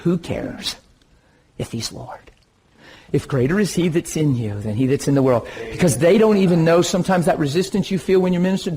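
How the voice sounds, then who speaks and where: Husky-voiced man preaching a story. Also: fairly high pitch, rough recording. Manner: animated, laughs and bursts into excitement while recounting. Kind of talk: sermon storytelling.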